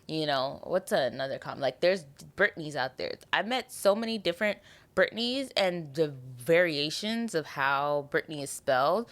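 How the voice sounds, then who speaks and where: A young woman hosting her own podcast, chatting casually and animatedly with lots of asides and fillers. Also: sits low. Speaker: podcast host. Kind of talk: casual solo podcast chat.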